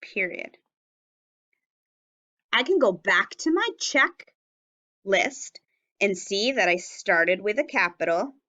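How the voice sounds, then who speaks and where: With a mid-range voice that is bright, forceful and animated, a woman teaching elementary students runs a video writing lesson. She goes slowly and pronounces each word with care so the kids can keep up.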